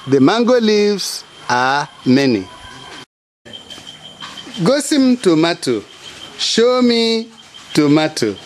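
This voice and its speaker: A man with an Igbo accent gives a patient language lesson, his voice sitting high and his pace unhurried. He spells out each word letter by letter and says it again. A faint hiss of noise sits behind him. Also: sing-song. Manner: repeats and spells words letter by letter. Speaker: language teacher.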